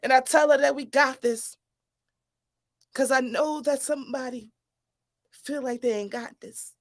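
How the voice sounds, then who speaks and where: A woman performing spoken-word poetry with earnest emotion. Her voice is gravelly with some fry. It sits slightly high. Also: fairly even intonation, measured pace. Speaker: poet, guest.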